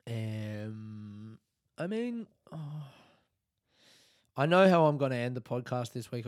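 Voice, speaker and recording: The recording is dry and studio quality, carrying a clean-toned, mid-range male voice. He's an Australian podcast host going it alone, casually telling stories with plenty of swearing and growing more worked up as he goes.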